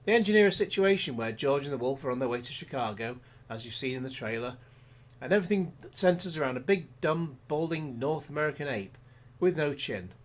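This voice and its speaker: A man's voice: a little high, animated, a little fast. A man reading a scripted film review voice-over, with dry, sarcastic humour.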